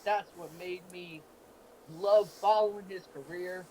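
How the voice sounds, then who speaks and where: A man's voice: high voice, fairly even intonation, unhurried, a little mellow, slight background noise, poor audio. A man telling sports stories in an earnest, emotional way during a casual talk show. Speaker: co-host.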